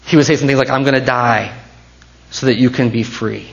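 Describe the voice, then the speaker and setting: A man preaching a sermon as pastor, swinging between hushed intensity and rising passion. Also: mid-range voice, fairly even intonation, a little fast, vocal fry, dull audio.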